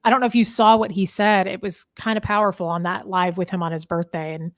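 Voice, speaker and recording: A woman's voice: medium pitch, little pitch movement, quick pace, no room sound, clean studio sound. A woman in her thirties, a show host, talking heartfelt and emphatic in casual chat, often trailing off and restarting.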